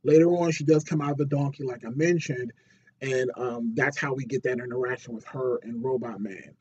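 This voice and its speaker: Guy rambling about a tv episode, kinda husky, lots of ums and restarts, slightly dull mic. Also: mid-range voice, brisk. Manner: rambling, many fillers and restarts, gets excited and loud retelling scenes. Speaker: TV show reviewer. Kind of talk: casual spoken episode review.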